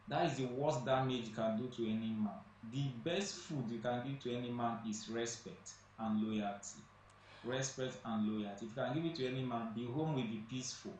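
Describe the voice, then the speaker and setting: A man speaking as a guest on a studio talk show, emphatic and repeating phrases for stress. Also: medium pitch. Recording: echoey distant room mic, faint noise.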